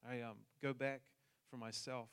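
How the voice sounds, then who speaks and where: A man's voice: medium pitch, little pitch movement, moderate pace, a bit bright, clean tone. A man from New Zealand with a New Zealand accent, telling a personal story in a sermon with jokes for the congregation. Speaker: pastor.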